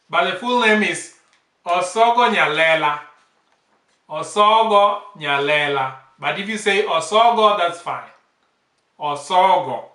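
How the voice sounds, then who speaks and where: A man teaching bird names, saying each word slowly and repeating it several times. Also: high-pitched, bright, forceful tone. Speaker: language teacher. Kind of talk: slow vocabulary lesson, repeating each word. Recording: echoey room, off-mic.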